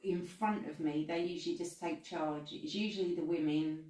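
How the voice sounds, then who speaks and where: A woman with a fairly low voice, calmly answering questions as a podcast guest about her work as a medium. She sounds away from the mic, and the room echoes around her. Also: normal speed. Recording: roomy sound from a distant mic.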